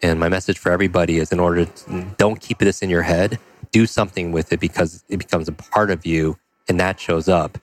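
A man telling a personal story as a podcast guest, animated and full of "like" and "you know". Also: deep voice, a little fast. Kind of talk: storytelling in a conversational interview.

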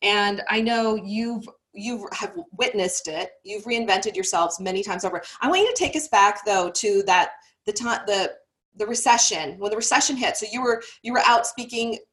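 A woman hosts an interview in a relaxed, chatty way. Her questions ramble and are peppered with "like", and her voice sits at a medium pitch. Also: normal speed. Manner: casual, rambling questions full of "like". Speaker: host. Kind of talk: interview hosting.

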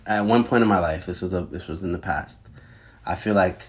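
A man's voice: sits low, brisk. A young man co-hosting a casual podcast, laughing often and talking in heavy slang. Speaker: podcast co-host. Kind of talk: casual chat.

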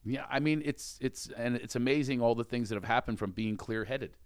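A man's voice: mid-range voice, brisk, no room sound. A man hosting a talk show, chatting in an earnest, reflective and encouraging way with his guest. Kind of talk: casual interview chat.

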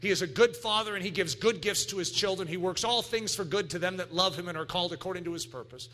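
A man preaching a sermon, animated, acting out voices and breaking into sudden shouts. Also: high-pitched, quick pace. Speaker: pastor.

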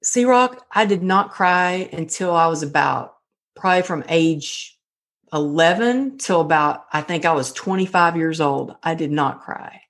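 A woman's voice: sits low, lively intonation, unhurried. A middle-aged woman guest telling her own story in a candid, emotional way, full of fillers. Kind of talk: personal storytelling interview.

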